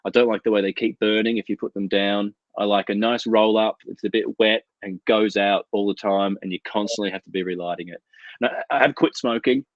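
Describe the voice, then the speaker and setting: Man, co-host, low voice, rambling profane stories, casual chat, muffled video call audio. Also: fairly even intonation, brisk, no echo. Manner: rambling, profane anecdotal storytelling. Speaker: co-host of a comics chat show. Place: home out in the desert.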